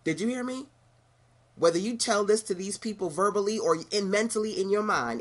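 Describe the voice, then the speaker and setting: Speaking a little fast in a mid-range voice with lively intonation, an online business coach gives a motivational monologue. She's a middle-aged woman from Brooklyn, New York, emphatic and repetitive, and she drops in laughing asides.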